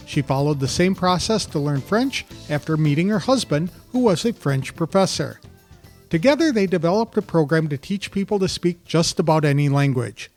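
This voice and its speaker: An older man hosting a podcast, reading a measured prepared introduction to his guest. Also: fairly high pitch, darkish tone. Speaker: podcast host. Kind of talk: scripted podcast intro and interview.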